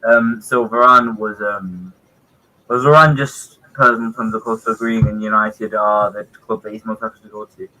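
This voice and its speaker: A man sits in as a guest on a football chat stream, his voice bright and sharp. He speaks haltingly, filling gaps with ums and throwing in jokes. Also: fairly low pitch, steady tone, rough recording. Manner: hesitant, joking, many ums. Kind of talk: casual football chat on a call.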